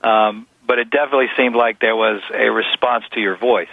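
A man joining a radio show as an analyst, speaking carefully and hesitantly and clearing his throat. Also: mid-range voice, steady tone, fairly quick, no echo. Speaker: guest analyst. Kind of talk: phone-in radio interview. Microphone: telephone. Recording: dry tinny phone line.

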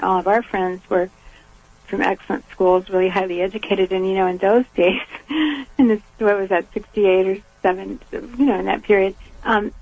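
An older woman from the American South, a guest in an interview, talking in an earnest, reflective way with soft laughs. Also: mid-range voice, vocal fry. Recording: tinny phone line.

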